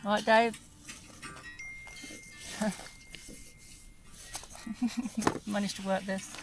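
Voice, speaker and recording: A woman's voice: mid-range voice, level tone, extremely slow, music in the background. A woman vlogging from inside a small tent in winter, chatting aloud to the camera and musing as she goes. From South East London. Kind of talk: casual solo camping vlog.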